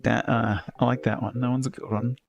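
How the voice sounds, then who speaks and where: A man's voice: medium pitch, little pitch movement, fairly quick, creaky, muffled recording, over music. A man livestreaming a game, telling dad jokes in a rambling, self-amused way. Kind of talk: casual chat while gaming.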